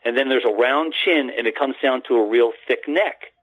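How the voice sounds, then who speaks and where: Calling into a phone-in radio show, an American man tells a long personal story, earnest and rambling, with many restarts, addressing the host by name. His voice is medium-pitched, a bit bright and moderately paced, over a tinny phone line.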